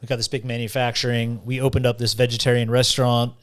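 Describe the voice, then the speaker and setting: A man telling a story as a podcast guest in casual chat, animated and vivid, often slowing down for effect. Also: medium pitch.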